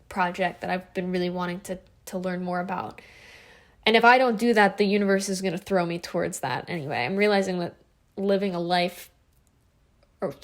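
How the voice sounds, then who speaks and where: A young woman in her twenties speaks straight to her camera in a loose, reflective vlog. Her delivery is earnest and meandering, full of "like" and "you know" and false starts. Her pitch sits in a middle range for a woman. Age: 20s. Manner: earnest, rambling with many fillers and restarts. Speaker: vlogger. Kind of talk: casual reflective vlog monologue.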